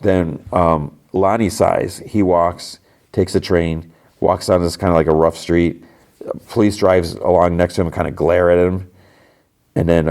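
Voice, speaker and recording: A man's voice: deep voice, darkish tone. A man hosting a podcast, recapping a cartoon episode in a rambling, conversational way. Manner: rambling, conversational, many fillers and restarts. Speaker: podcast host.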